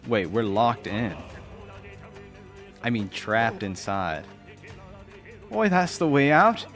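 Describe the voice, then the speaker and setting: A man's voice: medium pitch, big pitch swings, slow, fairly bright tone, soft background music. A man streaming a game, chatting casually, reading on-screen text aloud and musing as he plays. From United States. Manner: muses aloud, reads game text and trails off. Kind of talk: casual gameplay commentary.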